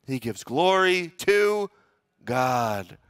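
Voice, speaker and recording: A man's voice: medium pitch, big pitch swings, very slow, fairly bright tone. A man preaching a sermon as pastor, dramatically acting out the inner thoughts of a biblical figure and asking the congregation to repeat lines back. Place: church.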